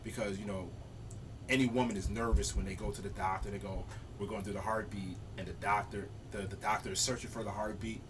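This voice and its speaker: A man on a casual podcast, giving relaxed, plain-spoken advice as a father. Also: on the low side, a little fast, recorded from a distance, background noise.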